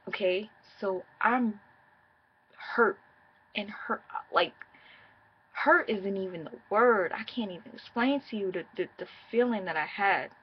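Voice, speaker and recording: A woman tells her own story straight to her viewers, blunt and profane. Her voice is husky. The audio sounds dull and muffled. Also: medium pitch. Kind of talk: casual personal storytime.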